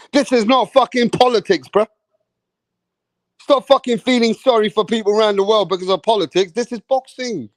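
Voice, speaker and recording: A man giving a profane, slangy, animated rant as a boxing commentator on a live stream. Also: high-pitched, dry recording.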